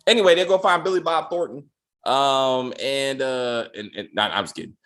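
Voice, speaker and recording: A man hosting a casual TV episode review, animated, laughing, and acting out the characters' lines in voices. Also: medium pitch, normal speed. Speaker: show host.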